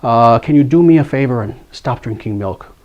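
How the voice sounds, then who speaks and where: A calm old leader with a kind, measured manner, voiced by a male speaker. He talks gently and unhurried, with no sharpness at all. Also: medium pitch, dull audio, lightly acted. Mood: gentle.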